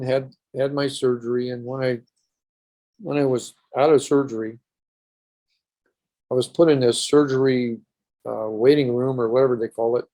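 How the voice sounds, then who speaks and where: A man's voice: mid-range voice, warm tone. An older man, a podcast guest, recounting a personal story earnestly in a rambling way with restarts.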